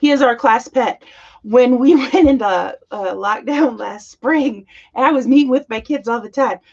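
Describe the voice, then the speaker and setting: A woman's voice: on the high side, moderate pace, a little mellow, breathy edge, highs cut off. A middle-aged woman, chatting casually and gushing as she works on a scrapbook page at her craft desk. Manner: chatty, gushing, talks while working. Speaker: teacher and crafting channel host. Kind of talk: casual chat while scrapbooking.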